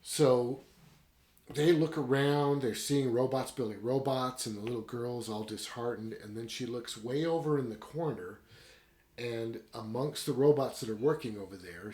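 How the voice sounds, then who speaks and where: A man's voice: mid-range voice, darkish tone, echoey room. Rambling man reviewing a book. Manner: rambling and conversational, retelling the plot. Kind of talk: casual book review talk.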